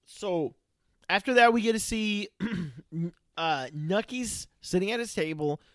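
A man's voice: high-pitched, slow, no room sound, clean studio sound. A man from Ireland, co-hosting a casual TV recap podcast, emphatic and laughing often. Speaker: podcast co-host.

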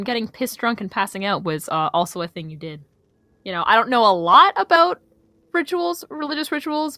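A woman's voice: a little high, pushed and bright, dry recording. Woman, tabletop player, wry, hesitant, dry sound. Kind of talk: casual tabletop play.

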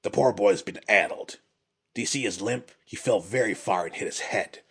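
A man voicing a stubborn old potter with a rough, barking voice. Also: lowish voice, normal speed, a bit bright, exaggerated voice. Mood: grim. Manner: barking, grim.

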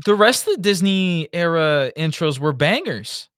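Animated joking man, close dry mic. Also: on the high side, moderate pace, clean tone, no echo. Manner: animated, joking, swears freely. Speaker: podcast co-host. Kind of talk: casual review chat.

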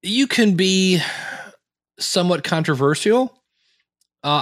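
A middle-aged man giving podcasting advice as a guest in a casual interview, telling stories in an animated way and acting out the people he quotes. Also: medium pitch, no room sound, studio quality. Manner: animated storyteller, acts out quoted voices.

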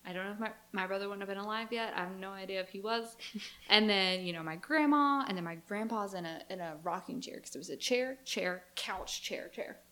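A woman's voice: medium pitch, fairly quick, sharp tone. A young woman co-hosting a podcast, telling a childhood story in casual chat and acting out her family's reactions. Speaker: podcast co-host.

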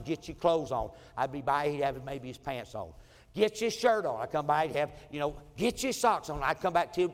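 Storytelling pastor in a reverberant church. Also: male voice, mid-range voice. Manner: storytelling, acting out family quotes, chuckling asides. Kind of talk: sermon. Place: church sanctuary. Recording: long church hall reverb.

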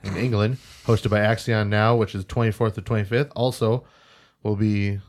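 A man's voice: fairly low pitch, level tone, moderate pace, darkish tone. Man hosting a casual podcast. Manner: stumbles over foreign place names. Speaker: podcast host. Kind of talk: casual podcast chat, reading out news.

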